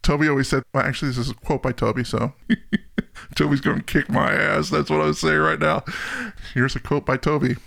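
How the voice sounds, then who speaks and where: A man's voice: medium pitch, steady tone, brisk, creaky, fairly bright tone. A man co-hosting a podcast in casual chat, chatty and laughing often. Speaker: podcast co-host.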